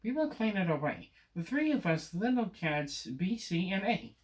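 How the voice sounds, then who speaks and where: A man's voice: high-pitched, sing-song, normal speed, pitched above the performer's own voice. A man reading aloud and voicing an eager, bustling tiny male cat.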